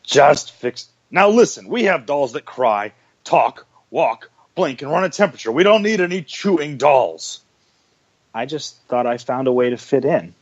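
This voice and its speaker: Cranky elf boss nagging, man putting it on, slow, dull radio sound. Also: medium pitch, expressive. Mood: scolding. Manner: scolding, exasperated. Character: bossy male elf boss, impatient.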